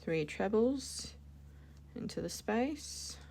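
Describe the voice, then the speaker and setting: With lively intonation but a slow pace, a woman chats through a step-by-step crochet demonstration, correcting herself and laughing at her slips. Her mid-range voice is creaky and darkish, and there is slight background noise.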